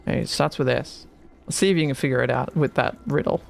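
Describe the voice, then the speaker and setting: A man streaming a game, chatting casually, excitable, swearing and laughing often. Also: mid-range voice, fast talker, vocal fry. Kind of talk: casual gaming chat. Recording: faint music behind.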